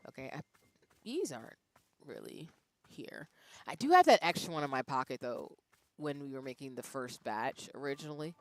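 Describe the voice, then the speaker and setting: A woman streamer giving casual gameplay commentary, quietly muttering to herself while playing. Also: a bass voice, big pitch swings, normal speed.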